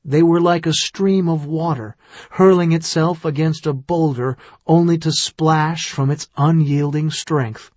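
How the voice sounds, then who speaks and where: A man narrating an audiobook in a measured, dramatic storytelling manner. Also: on the high side, fairly even intonation, a little mellow, no echo, dull audio.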